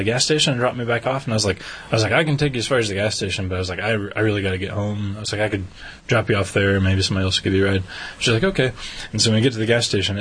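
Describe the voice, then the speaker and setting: A man's voice: lowish voice, fairly bright tone, slight background noise. A man co-hosting a podcast, chatting casually and acting out the dialogue of a story he tells. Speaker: podcast co-host. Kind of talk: casual chat.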